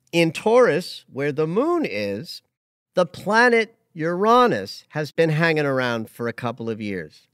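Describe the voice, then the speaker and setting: A man hosting a casual astrology chat, emotional and animated, often restarting his sentences. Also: a little high, no echo, clean studio sound. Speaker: astrologer host.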